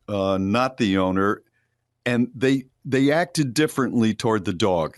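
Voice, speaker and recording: Lower-voiced man co-hosting a morning show. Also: no room sound, studio quality. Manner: conversational, plain-spoken. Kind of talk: casual chat.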